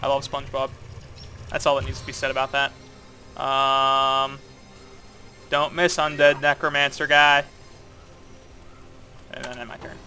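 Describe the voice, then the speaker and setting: Playing a co-op game, a man with a medium-pitched, pushed, bright voice rambles playfully through casual gaming chat, dropping plenty of fillers along the way as the commentator.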